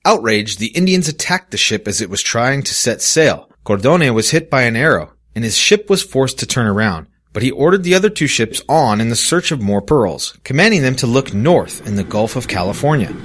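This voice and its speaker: A man's voice: moderate pace, hardly any pauses. A man giving a scripted narration of old desert legends in a storytelling manner. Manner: storytelling with lively, rising and falling pitch.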